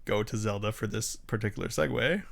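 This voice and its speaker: A man's voice: fairly low pitch, brisk, vocal fry, a crowd in the background. A man co-hosting a casual livestream, retelling a film scene by scene, acting out lines in funny voices and laughing often. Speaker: co-host recapping a film.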